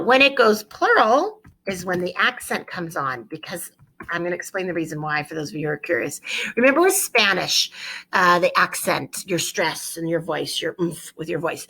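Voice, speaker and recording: Woman teacher, bright ringing voice, upbeat, drills phrases slowly for students. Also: mid-range voice. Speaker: Spanish teacher. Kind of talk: online classroom lesson.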